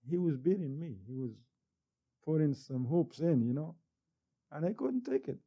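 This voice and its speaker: Man preaching with a dark, mellow voice. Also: medium pitch, normal speed. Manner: animated storytelling with rising emphasis. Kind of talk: sermon.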